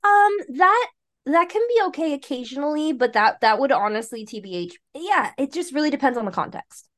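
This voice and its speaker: A woman's voice: sits high, big pitch swings, fairly quick, a bit bright. A young woman co-hosting a podcast, chatting casually and bluntly, laughing often. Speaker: podcast co-host. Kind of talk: casual chat.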